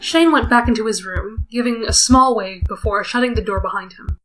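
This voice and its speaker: Faint music sits behind a woman whose slightly high, somewhat bright voice moves briskly through a visual novel. As a let's player, she interrupts her reading with self-conscious, wry comments.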